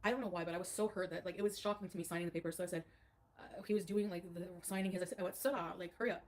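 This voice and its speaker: A woman's voice: on the low side, fairly even intonation, very fast, a little mellow. A woman from Canada telling a personal story on a livestream, rambling and emotional, full of "like".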